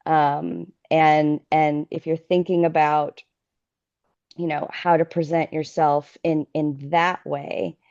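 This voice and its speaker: Slow, dark-voiced woman on dull lo-fi audio. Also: low-pitched, flat delivery. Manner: halting, repeats words while thinking. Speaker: brand strategist guest. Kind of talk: casual interview chat.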